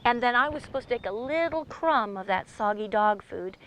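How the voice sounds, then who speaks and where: Woman storyteller, lively swooping delivery, highish pitch, faint background noise. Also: a little fast, rough recording. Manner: animated, playful, with sound effects. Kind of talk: oral storytelling performance.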